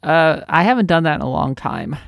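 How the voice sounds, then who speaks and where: A woman's voice: low-pitched, huge pitch swings, a little fast, vocal fry, dry recording, clean studio sound. A woman from the US Midwest co-hosting a gaming podcast, chatty, enthusiastic and self-deprecating in casual conversation. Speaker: podcast co-host.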